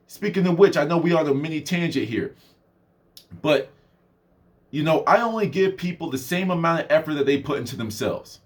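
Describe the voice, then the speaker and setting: In a motivational vlog, a mentor with a fairly high, animated voice talks at normal speed. He rambles casually, laughs frequently, and acts out whoever he's quoting.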